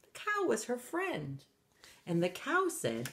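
A woman reading a picture book aloud to children, animated and stopping to ask her young listeners questions. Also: a little high, slow, slight background noise. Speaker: children's story reader.

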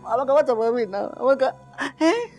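A Nigerian actor playing a broke, lovesick young boyfriend who begs and pleads melodramatically in a comic film. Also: male voice, very high-pitched, sing-song, fast, a little mellow, faint music behind, heavily acted. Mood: pleading.

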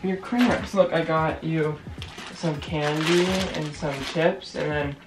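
A man's voice: on the high side, steady tone, slow, over music. A young man, co-host of a couple's vlog, chatting casually while he has the hiccups and keeps saying "wait" in a flustered way.

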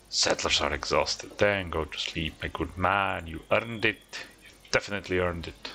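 A man's voice: low-pitched, normal speed, vocal fry, sharp tone. A man casually commentating his own gameplay, coaxing and teasing the characters on screen. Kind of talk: casual let's-play commentary. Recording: game music behind the voice. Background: game music.

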